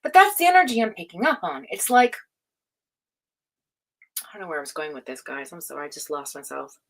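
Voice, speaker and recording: A woman's voice: on the low side, wildly swooping pitch, a little fast. A middle-aged woman giving a casual tarot reading, chatty and rambling, swearing casually and calling viewers sweet names. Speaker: tarot reader.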